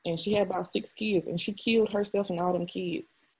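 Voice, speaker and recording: A woman's voice: fairly low pitch, steady tone, fairly quick, a little mellow, breathy edge. A young adult woman, an interview guest, telling a personal story in a raw, emotional and frank way, often swearing.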